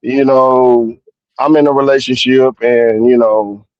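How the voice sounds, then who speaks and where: A man's voice: mid-range voice, steady tone, unhurried, no echo. A man in his forties calls in from his car on a dull, muffled phone line. He talks casually and rambles with lots of "you know" fillers. The sound is dry. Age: 40s. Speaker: caller. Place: his parked car at work.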